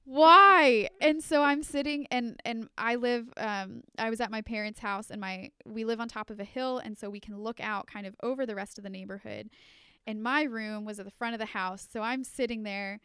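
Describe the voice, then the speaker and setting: Smooth-voiced young woman telling a story. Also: a little high, moderate pace, no echo, clean studio sound. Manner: animated, filler-heavy, laughing. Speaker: podcast co-host. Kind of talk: casual storytelling chat.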